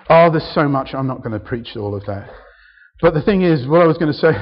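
A man with a fairly high voice preaches in a church, earnest and building in emphasis as he goes. The recording is dull and muffled. A long reverb hangs after his words. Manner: earnest, with frequent restarts and rising emphasis. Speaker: pastor. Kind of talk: sermon. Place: church hall.

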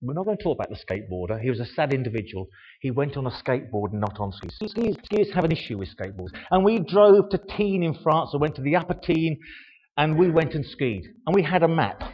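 Chatty older man in an echoey hall. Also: on the high side. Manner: chatty, self-mocking, rhetorical questions. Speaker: speaker giving a talk. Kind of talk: informal show-and-tell talk. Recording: echoey hall, dull sound.

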